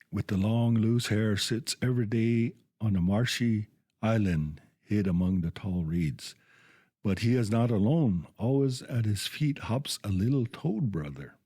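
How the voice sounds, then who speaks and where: A low-voiced man reads a storybook tale aloud on the radio, slowly and carefully. He stumbles and restarts words now and then. The sound is close and dry. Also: dark tone, slightly rough, no echo. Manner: slow, halting reading with frequent restarts.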